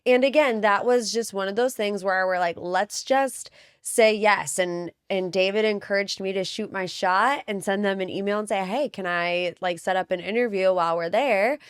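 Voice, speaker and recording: A woman's voice: medium pitch, clear, resonant tone, no room sound, studio quality. Chatty woman podcast co-host. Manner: chatty, quick storytelling with quoted asides. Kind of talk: casual chat.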